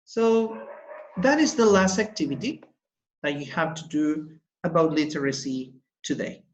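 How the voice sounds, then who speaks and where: Slow, patient male teacher in an echoey room. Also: a little high, lively intonation, slight background noise. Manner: slow, patient, spells out letters one by one and repeats; encouraging. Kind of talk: recorded lesson for young pupils. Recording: roomy, slightly dull home recording.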